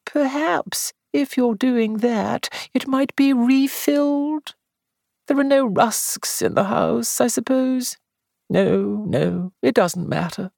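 A woman's voice: on the high side, vocal fry, darkish tone, no room sound, clean studio sound, voice pushed up. A woman reader voicing a frail, self-pitying older invalid with a thin, weak, melancholy voice.

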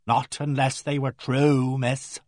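A man voicing a housemaid who relishes bad news, speaking with dramatic gloom and knowing pauses. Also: medium pitch, sing-song, husky, dry recording, clean studio sound. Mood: gloomy relish.

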